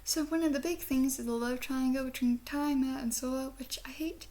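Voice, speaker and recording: A video reviewer from the Southern United States rambles through a casual review in a high, giggly voice, keeping a steady tone at a brisk pace. She has a speech impediment that she says sounds British. She's chatty, drops "like" constantly, and slips in soft whispered asides.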